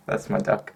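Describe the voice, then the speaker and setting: A young man with a northern English accent, chatting hyperactively in a Q&A vlog, swearing and laughing often. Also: darkish tone. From northern England. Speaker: YouTuber. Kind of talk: casual Q&A vlog.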